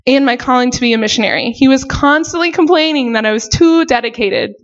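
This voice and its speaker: A woman's voice: sits high, fast talker. A young woman, a missionary, giving a personal faith testimony in an earnest, emotional way with many casual fillers. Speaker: missionary sharing her testimony. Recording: dull lo-fi recording.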